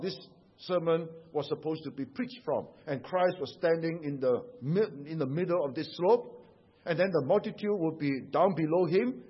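Man preaching a sermon, high husky voice, emphatic, rhetorical questions, dull lo-fi recording.

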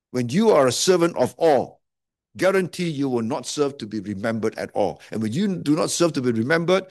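Conversational preacher, higher male voice. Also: no room sound, clean studio sound. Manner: asks listeners many rhetorical questions; half-joking, conversational preaching. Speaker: pastor. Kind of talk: sermon.

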